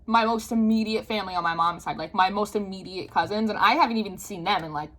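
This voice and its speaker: A woman's voice: medium pitch, fast, a bit bright, slight background noise, low-quality recording. A young woman, a tarot reader, telling a story to camera in a casual, chatty way full of fillers, with the odd swear.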